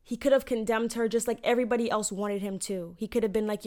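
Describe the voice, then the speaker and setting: A woman's voice: on the high side, fairly even intonation, quick pace, few pauses, warm tone. A young woman casually retelling a Bible story to her viewers, chatty and slangy with lots of "like" and "you know".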